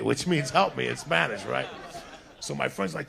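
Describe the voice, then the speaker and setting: A man doing stand-up, telling a rambling, profane story in casual talk and acting out other people's lines, a little high. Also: fairly quick, creaky, a bit bright. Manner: acts out other people's lines in put-on voices. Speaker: stand-up comedian.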